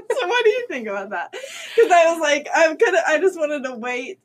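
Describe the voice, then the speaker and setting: A young woman hosting a casual chat, telling an animated story and acting out what people said, often laughing. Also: very high voice, moderate pace. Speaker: host.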